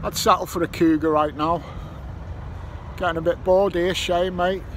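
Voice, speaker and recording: A man's voice: high-pitched, fairly even intonation, moderate pace. A man vlogging outdoors by a roundabout while he waits, grumbling, swearing and making up rhymes. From Ireland. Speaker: metal detecting vlogger. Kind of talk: casual vlog monologue. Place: outdoors by a roundabout near a petrol station. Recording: faint traffic noise outdoors. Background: passing traffic.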